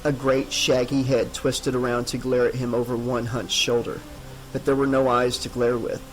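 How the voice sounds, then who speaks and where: A man narrating a horror novel as an audiobook in a measured, dramatic reading. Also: mid-range voice, little pitch movement, soft background music, low-quality recording.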